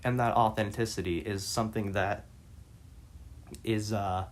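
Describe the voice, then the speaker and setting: Male reader-commentator, lowish voice, hesitant, self-correcting delivery. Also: steady tone. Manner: halting, many restarts and fillers. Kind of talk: reading aloud and commenting.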